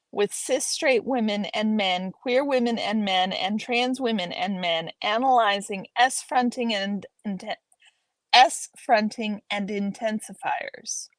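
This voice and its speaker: Slow-talking woman reading aloud. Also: mid-range voice, no echo, low-quality recording. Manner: reads aloud, then breaks off to chat with viewers. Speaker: livestream host reading aloud. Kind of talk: reading an academic paper aloud and chatting with viewers.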